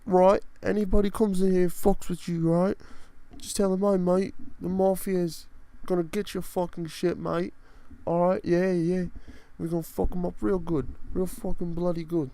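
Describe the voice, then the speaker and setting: A man doing a swaggering English mafia heavy who talks loud and crude, pitched far above the performer's own voice. The voice stays gravelly and dark throughout. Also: level tone, normal speed, hardly any pauses, a little hiss or hum. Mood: menacing. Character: brash English-accented male mafia enforcer.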